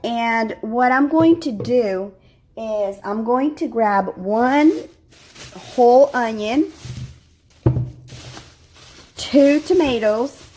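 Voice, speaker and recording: A woman's voice: on the high side, very slow, long pauses, dark tone, slight background noise. A woman chatting her way through a home cooking tutorial in her kitchen, rambling with lots of fillers and self-corrections, teary from cutting onions. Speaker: cooking vlogger.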